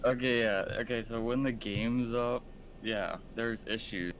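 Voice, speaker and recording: A man in a tabletop game on voice chat, talking haltingly with many fillers. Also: medium pitch, steady tone, a little hiss or hum. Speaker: player. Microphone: Discord voice chat.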